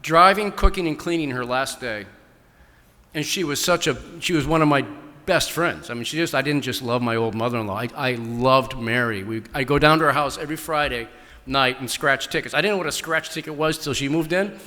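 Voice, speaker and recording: A man's voice: mid-range voice, fairly quick, bright, forceful tone, big-room sound. A man, answering an audience's questions in casual, rambling talk with many restarts. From New England. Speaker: author at book festival Q&A. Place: large hall.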